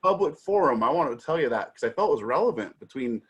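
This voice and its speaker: A man's voice: fairly high pitch, fast, slightly rough. A man chatting as a guest on a video call, effusive and affectionate, full of energy. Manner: effusive, warm-hearted, energetic. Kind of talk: casual video call chat.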